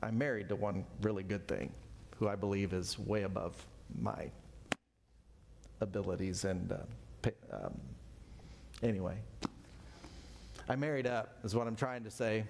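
Fifties male teacher, gravelly voice, relaxed self-deprecating Bible study delivery. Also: on the low side, unhurried, long pauses, a little hiss or hum. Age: 50s. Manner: folksy, self-deprecating, with frequent asides.

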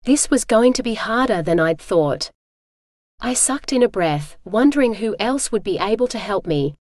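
A woman's voice: medium pitch, lively intonation, moderate pace, darkish tone, dry recording. Dry, close audiobook narrator, woman. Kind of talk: scripted first-person narration.

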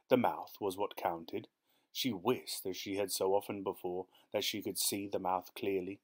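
Low-voiced male storyteller. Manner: measured, steady storytelling. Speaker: narrator. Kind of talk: reading a short story aloud.

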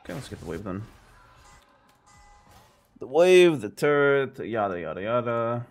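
Lively playful young man gaming. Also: medium pitch, a little slow, faint music behind. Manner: playful, jokey, talks to chat. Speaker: gamer streaming his gameplay. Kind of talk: live gameplay commentary.

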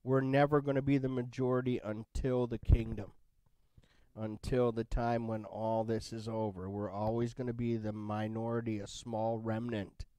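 A man's voice: mid-range voice, little pitch movement, normal speed, warm tone, dry recording. A man teaching a Bible study in a casual, conversational way, often checking in with "right?". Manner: conversational, keeps asking "right?".

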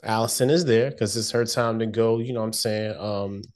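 A man co-hosting a podcast, casually retelling a TV episode in relaxed, slangy language. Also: lowish voice, normal speed. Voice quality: slangy, laid-back storytelling. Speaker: podcast co-host. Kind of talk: casual recap chat.

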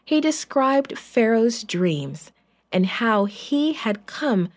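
A woman telling a Bible story to children in church, slow and expressive. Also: a little high.

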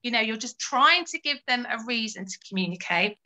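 A woman's voice: a little high, lively intonation, brisk, bright, forceful tone, rough recording. A woman giving encouraging advice to parents in a live Q&A, sometimes acting out what to say to a child. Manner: encouraging, acts out phrases to children. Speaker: early years family support worker.

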